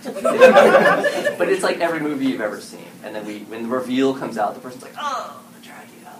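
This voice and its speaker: A man speaks briskly to an event audience about story games, his medium-pitched voice swinging hugely in pitch as he animatedly acts out lines from players and game masters. The mic is distant, with background noise clearly audible.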